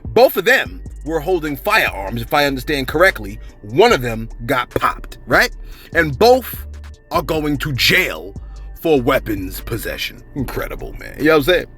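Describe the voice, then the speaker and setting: A man's voice: fairly high pitch, moderate pace, soft background music. A man with a New York accent, commenting on celebrity news in a slangy, casual monologue to his viewers. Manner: slangy, animated, frequent "you know what I'm saying".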